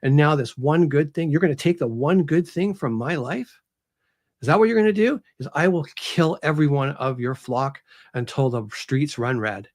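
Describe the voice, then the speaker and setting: A man acting out a young man turned vampire, grief-stricken and furious, shouting threats. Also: mid-range voice, moderate pace, natural voice. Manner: shouting, threatening, raw and emotional.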